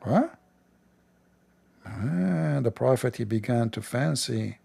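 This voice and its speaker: A man's voice: medium pitch, expressive, slow pace, gravelly, pauses often, dark tone, breathy edge. A man hosting a livestream, talking in a sarcastic, mocking way. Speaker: livestream host.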